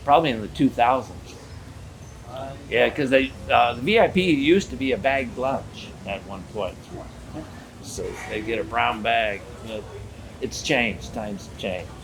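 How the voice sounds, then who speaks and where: A man's voice: medium pitch, unhurried, creaky, slight background noise. An older man, a theme park character performer telling stories in a casual interview and acting out the dialogue. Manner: animated storyteller acting out dialogue.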